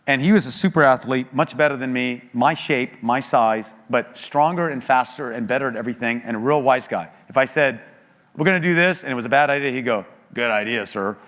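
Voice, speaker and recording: A middle-aged American man speaking at a church, telling an emotional story with earnest, animated delivery and quoted voices. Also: medium pitch, fairly quick, few pauses. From United States. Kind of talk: storytelling talk. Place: large church auditorium. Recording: long hall reverb.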